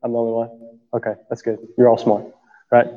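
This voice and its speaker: A man's voice: medium pitch, monotone, fairly quick, mellow. A male pastor preaching a sermon in a church, talking to the congregation in an easy, conversational way, often checking in with "right?", and coughing now and then. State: coughing through the talk. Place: church sanctuary. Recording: dull sound with long hall reverb.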